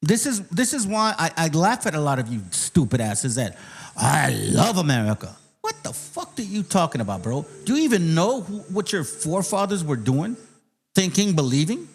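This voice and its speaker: A man hosting his own channel, ranting in casual commentary, profane and mocking, sometimes reading a document aloud slowly. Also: high-pitched, big pitch swings, husky. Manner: reads aloud slowly, then speeds up. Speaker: channel host.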